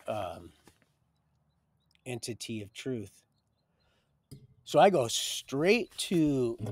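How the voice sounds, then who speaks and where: A man telling a rambling personal story on a livestream, often repeating and restarting his words. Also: lowish voice.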